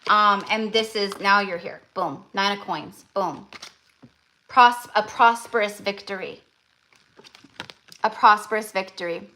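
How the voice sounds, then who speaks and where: A woman's voice: mid-range voice, measured pace, long pauses, bright, forceful tone. A young woman giving a live-stream tarot reading, talking in a gushing, effusive way with many fillers and restarts. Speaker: tarot reader.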